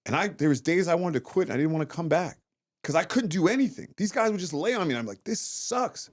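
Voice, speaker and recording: A man in his thirties, a former fighter turned comedian, chatting as a guest and telling animated stories full of swearing and acted-out quotes. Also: a little high, quick pace, no room sound, clean studio sound. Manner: animated storytelling, acts out quotes, swears often. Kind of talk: casual interview chat.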